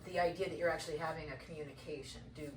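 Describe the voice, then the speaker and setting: A woman interviewing a guest, asking measured, probing questions. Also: low-pitched, fairly even intonation. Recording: roomy, distant mic, background noise.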